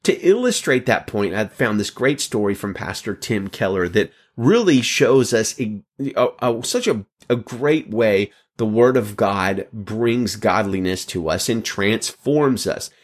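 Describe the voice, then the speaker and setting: A man preaching a sermon, retelling a story with emphatic, animated delivery. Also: fairly low pitch, unhurried. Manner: storytelling, quoting another preacher. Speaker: pastor.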